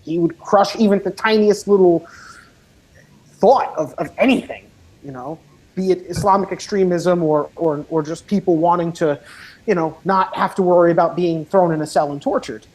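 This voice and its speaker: A woman chatting casually in an online voice lobby, blunt and profane, getting animated as she talks. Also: on the low side, moderate pace, low-quality recording. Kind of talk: casual voice chat.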